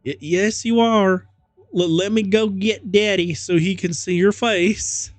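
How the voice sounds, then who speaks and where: A man voicing a frightened mother with a put-on Southern American accent and a gentle, drawling, motherly way of speaking. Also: sits high, steady tone, a little slow, no echo, pitched above the performer's own voice. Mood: shaken. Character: frightened Southern mother, middle-aged woman.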